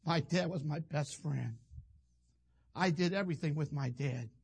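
A man's voice: fairly high pitch, unhurried, gravelly, breathy edge. An older man, a pastor telling a rambling, folksy story in a sermon. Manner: rambling, folksy, self-interrupting.

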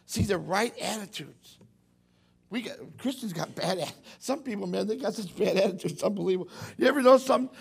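A middle-aged preacher with a high voice for a man. He preaches in a folksy, animated way, acting out the voices of the people he talks about. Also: fairly quick, creaky. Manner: folksy, animated, acts out quotes. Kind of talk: sermon.

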